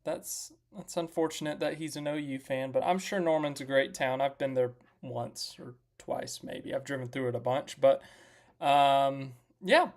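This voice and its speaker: A man's voice: medium pitch, measured pace. Chatty man hosting a racing live stream. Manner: chatty and joking, greets viewers in chat by name. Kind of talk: casual motorsport recap chat.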